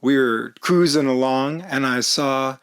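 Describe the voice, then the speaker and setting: A man telling a comedic personal story in an animated, self-mocking way, laughing often. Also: mid-range voice, a little slow, clear, resonant tone. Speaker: storyteller vlogger.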